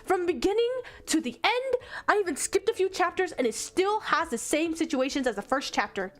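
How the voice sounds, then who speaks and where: A woman's voice: very high voice, expressive, moderate pace. A female streamer giving casual commentary, exasperated and swearing a lot.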